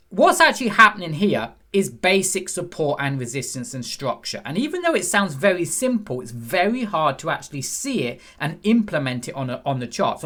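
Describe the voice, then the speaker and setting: A man's voice: on the high side, bright, forceful tone. A man teaching forex trading over a chart, talking conversationally and quizzing the viewer. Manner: conversational, asks the viewer questions; acts out a frustrated trader's inner voice. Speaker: trading instructor. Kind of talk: screen-share chart lesson.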